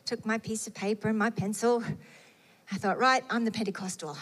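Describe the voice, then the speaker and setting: A woman's voice: a little high, steady tone, fairly quick, fairly bright tone, husky. Earnest woman preaching a sermon. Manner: earnest storytelling with acted inner dialogue.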